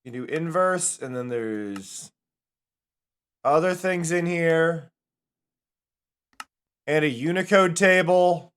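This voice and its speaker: A man's voice: on the high side, slow, long pauses, a bit bright, smooth. A young man chatting casually on a live stream while playing a game, rambling and laughing often.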